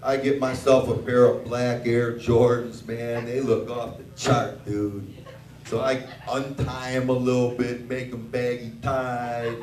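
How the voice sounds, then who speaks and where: A man's voice: medium pitch, level tone, measured pace, darkish tone. An older man doing a crude, profane stand-up set, acting out the dialogue in his stories. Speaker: stand-up comedian. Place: comedy bar stage. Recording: echoey bar recorded from a distance, noisy.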